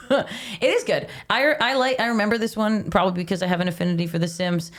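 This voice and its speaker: A woman's voice: medium pitch, fairly even intonation, fast talker. A woman co-hosting a TV rewatch podcast, chatting casually with frequent giggles and playful teasing. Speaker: podcast co-host.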